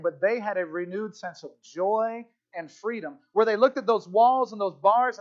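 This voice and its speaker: Male pastor, high voice, impassioned sermon, dull lo-fi sound. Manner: impassioned storytelling, swings from hushed to shouting.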